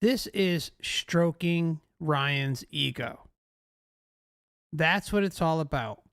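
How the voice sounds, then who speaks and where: A man's voice: a little high, slow pace, a bit bright, smooth, dry recording, clean studio sound. A male host giving emphatic commentary, often asking rhetorical questions.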